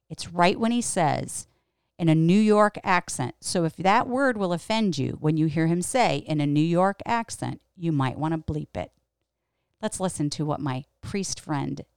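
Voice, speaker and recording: A woman's voice: low-pitched, darkish tone, no echo, studio quality. A middle-aged woman, a host and pastor, telling a personal story in a reflective, candid way with emphatic repetition.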